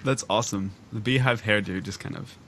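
A man co-hosting a casual gaming podcast over a call, laid-back and quick to laugh as he comments on his play. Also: lowish voice, a crowd in the background. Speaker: podcast co-host and player. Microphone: remote call mic.

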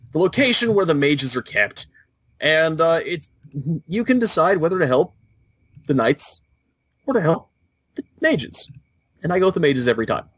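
A man co-hosting a casual gaming podcast, telling the story with animated jokes. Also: fairly high pitch, no echo. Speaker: podcast co-host.

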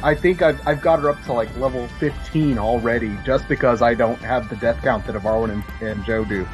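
A man chatting casually about a video game, animated and rambling, often restarting his sentences. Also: mid-range voice, a little fast, faint music behind, low-quality recording. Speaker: podcast guest co-host. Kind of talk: casual gaming chat.

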